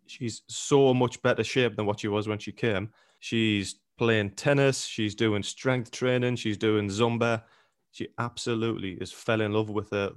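A man who is a personal trainer, co-hosting a podcast in casual chat and rambling with restarted phrases. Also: lowish voice.

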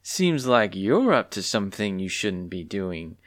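A man voicing a sly, confident young female bird student who talks coyly and calmly. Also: on the low side, unhurried. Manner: coy and calm.

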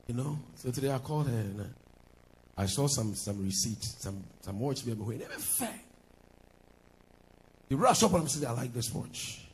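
A man's voice: lowish voice, darkish tone, slight background noise. A man with a Ghanaian accent, a pastor preaching a sermon with sing-song lines and laughing asides, switching between English and Twi.

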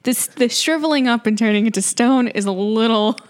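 A woman's voice: a little high, brisk, smooth. A woman co-hosting a casual podcast, recapping a film with laughs and quoted reactions. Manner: laughing, animated, quotes her own reactions. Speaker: podcast co-host. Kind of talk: casual movie recap chat.

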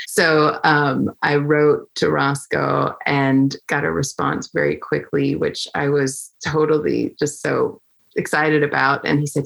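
Woman, young adult, flutist guest, low voice, gravelly, casual storytelling, many fillers. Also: unhurried. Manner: chatty, full of fillers and restarts, animated when quoting.

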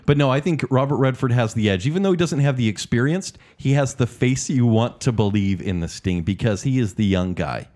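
A man's voice: medium pitch, lively intonation, a little fast, hardly any pauses, darkish tone. A man co-hosting a casual podcast chat about movies, enthusiastic and talking in long runs. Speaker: podcast co-host.

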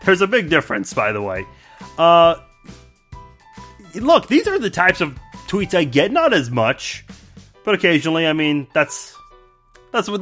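Wry man from Iran, higher voice. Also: fairly bright tone. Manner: wry, amused, frequent filler words. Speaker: podcast host. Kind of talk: casual monologue reading mean comments.

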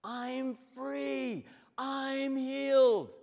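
An overjoyed healed leper, as a preacher puts him on, shouting his thanks in a high, loud voice that rings through a long hall echo. He is grateful and beside himself with joy. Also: fairly even intonation, extremely slow, creaky, full character voice. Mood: ecstatic grateful. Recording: echoey hall.

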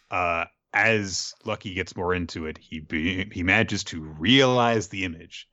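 A man's voice: deep voice, bright, forceful tone, no room sound. Male podcast host, chatty recapper, dry close sound. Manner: chatty, joking asides. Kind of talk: casual manga recap. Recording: dull lo-fi recording.

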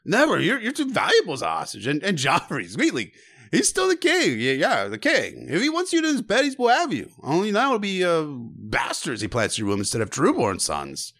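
A man voicing a drunken fool who stammers and rambles in a high, stretched voice. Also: wildly swooping pitch, a little fast, fairly bright tone, exaggerated voice. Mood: mocking. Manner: stammering, slurred repetitions.

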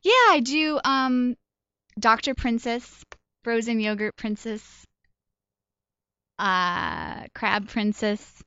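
A woman's voice: a little high, fairly even intonation, takes it slowly, pauses often, a bit bright, smooth, no echo, muffled recording. A woman comedian and voice actor chatting in an interview, telling stories in a self-deprecating way with laughs along the way. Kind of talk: casual interview chat.

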